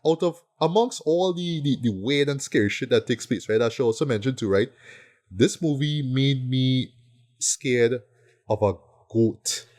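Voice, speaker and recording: A man's voice: medium pitch, unhurried, a little mellow. A man talks through his favorite films in an easy, conversational way. He sounds eager and keeps checking in with his listeners as he goes. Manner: enthusiastic, peppers talk with "right?". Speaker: podcast co-host. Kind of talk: casual film review chat.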